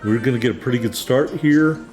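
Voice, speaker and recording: A man's voice: mid-range voice, fast, music in the background. A man hosting a racing game playthrough in casual commentary, rambling with frequent ums and self-deprecating asides. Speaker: let's play host.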